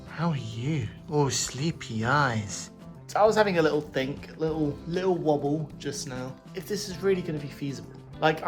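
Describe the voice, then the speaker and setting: A man talking casually to camera in a vlog, thinking out loud in a chatty, easygoing way. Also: on the high side. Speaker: vlogger.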